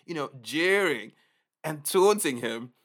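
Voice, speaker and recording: A man preaching a casual, conversational sermon in an animated way, often acting out reactions. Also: fairly high pitch, takes it slowly.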